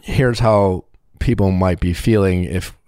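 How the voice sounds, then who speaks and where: A man hosting a podcast who talks in a reflective, halting way with restarts and fillers. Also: sits low, fairly even intonation, warm tone, clear, resonant tone, no room sound, clean studio sound. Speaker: podcast host. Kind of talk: podcast conversation.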